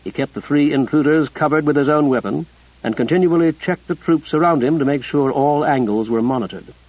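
Husky male audiobook narrator. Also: a little high, a little fast, dry recording, lo-fi sound.

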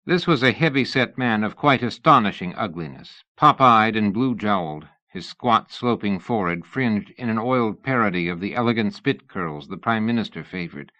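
Low-voiced male audiobook narrator. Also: animated, moderate pace, few pauses, sharp tone, no room sound, highs cut off. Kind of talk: scripted narration.

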